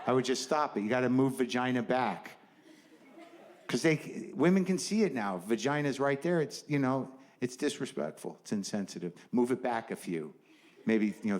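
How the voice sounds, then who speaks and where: A middle-aged man doing a stand-up comedy set, rambling and self-deprecating, full of nervous "you know" asides. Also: medium pitch. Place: comedy stage before a live audience.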